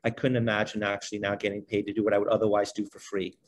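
A middle-aged man, speaking quickly and in a fairly low voice, recounts his career as a podcast guest. His delivery is animated and loose, threaded with casual fillers, and a faint hiss sits under the recording. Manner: animated, fast-flowing, many fillers like "you know" and "like". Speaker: podcast guest, basketball trainer. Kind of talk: conversational storytelling.

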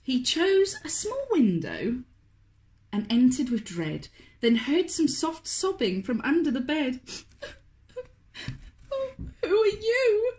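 A woman, a children's author, reading a picture book aloud to toddlers in a slow, expressive, sing-song way. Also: high voice. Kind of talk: storybook read-aloud for toddlers.

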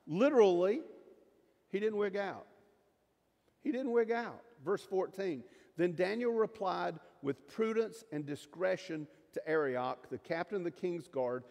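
High-voiced man preaching in a church hall. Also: darkish tone. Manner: folksy, emphatic preaching with jokes and asides. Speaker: pastor. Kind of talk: sermon. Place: church sanctuary. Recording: long reverb of a church hall.

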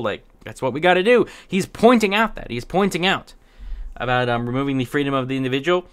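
A man's voice: mid-range voice, expressive, brisk, clear, resonant tone. A man giving casual political commentary, exasperated and sarcastic, stumbling over restarts and laughing in disbelief. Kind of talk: casual commentary reading tweets.

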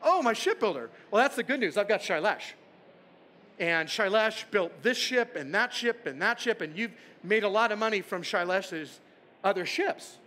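A man telling a story voices an eager, inexperienced young ship captain who stammers and pitches himself with overenthusiasm. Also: animated, normal speed, pushed and bright. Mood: eager pitching.

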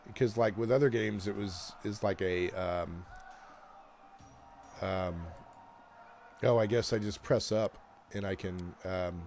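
Low-voiced man casually playing a game. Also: a little hiss or hum. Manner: relaxed, thinking aloud, reads game text. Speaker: gameplay host. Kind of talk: casual gameplay commentary.

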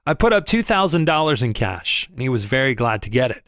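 A man reading a first-person audiobook in a lively storytelling manner, close to the mic. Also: medium pitch, a little fast, no echo. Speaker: audiobook narrator.

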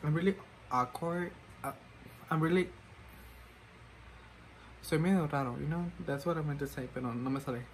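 A man's voice: fairly high pitch, moderate pace, pauses often, slight background noise, poor audio. A man chatting casually while doing his makeup, rambling and self-mocking, switching languages mid-sentence. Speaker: makeup vlogger.

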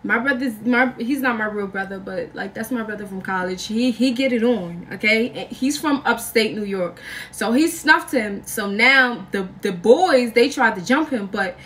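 A young woman vlogger telling a story in a casual, slangy, animated way, acting out other people's lines. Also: a little high, moderate pace, far from the mic. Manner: animated, slangy, acts out quotes with big jumps in voice.

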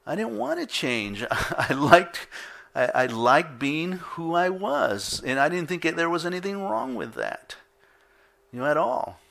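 A middle-aged male pastor preaching a sermon, telling personal stories in an animated way and acting out his own reactions. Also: on the high side, a little slow, creaky. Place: church.

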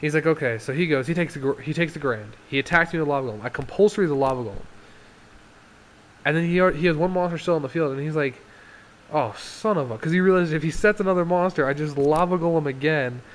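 A young man talking casually through his card game deck, excitable, laughing often and acting out his opponents. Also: fairly high pitch, fast talker.

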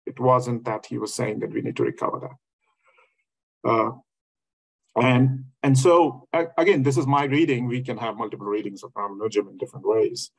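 A man's voice: mid-range voice, normal speed, gravelly, breathy edge, poor audio. A man giving a webinar lecture over a video call, thinking aloud with many fillers and restarts. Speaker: academic speaker.

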